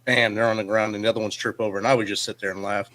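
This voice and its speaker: Middle aged vet guy on a podcast, talks real fast, kinda low voice, brisk. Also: little pitch movement, a bit bright, poor audio. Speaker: podcast guest, retired Army veteran. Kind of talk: casual storytelling chat.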